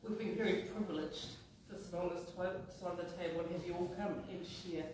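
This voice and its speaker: A man giving closing remarks as a hearing commissioner, halting, with many fillers. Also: high voice, steady tone. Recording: echoey hall from far off with noise.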